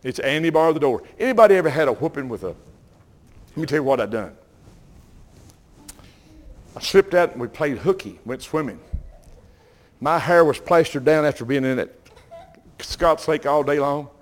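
Folksy older Southern preacher. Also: male voice, fairly high pitch, normal speed, pauses often. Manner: folksy, animated, calls out to the congregation. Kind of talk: sermon storytelling.

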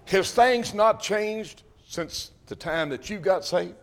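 Preacher, man, high-pitched, fervent and repetitive, pulpit sermon. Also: takes it slowly. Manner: emphatic, repetitive, rising to shouts. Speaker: Baptist preacher.

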